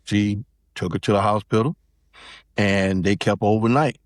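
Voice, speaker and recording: Low-voiced man telling a story. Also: steady tone, normal speed, no room sound, studio quality. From South Carolina, US. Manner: loose, rambling, with many restarts and fillers. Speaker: podcast guest. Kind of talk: casual storytelling chat.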